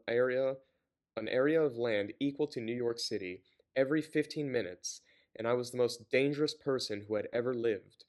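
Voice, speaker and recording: A man reading a novel aloud, often stumbling, correcting himself and breaking off with sarcastic commentary. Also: medium pitch. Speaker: reader and commentator.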